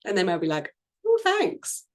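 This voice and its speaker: A woman's voice: medium pitch, normal speed. Chatty woman business coach. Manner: chatty, laughs often, lively quoting. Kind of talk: casual group discussion.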